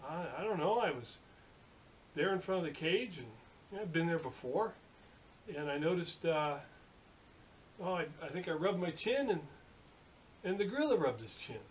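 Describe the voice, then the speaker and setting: Flustered, disbelieving old machinist, put on by a man telling a joke; pitch jumps higher, distant mic with faint hiss. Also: very animated, moderate pace, long pauses. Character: bewildered, indignant older male machinist.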